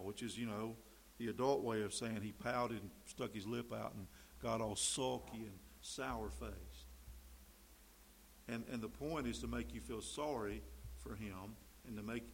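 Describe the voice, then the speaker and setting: A man preaching a sermon, emphatic, swinging between loud stresses and quiet mimicked asides. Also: mid-range voice, low-quality recording. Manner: emphatic, rising and dropping to mimic quoted voices.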